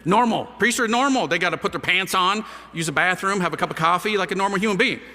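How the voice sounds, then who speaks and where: A man, a priest, telling his conversion story to an audience in a lively, dramatic way, acting out the voices of the people in it. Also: high voice, quick pace. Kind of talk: animated storytelling talk to an audience. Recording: long hall reverb.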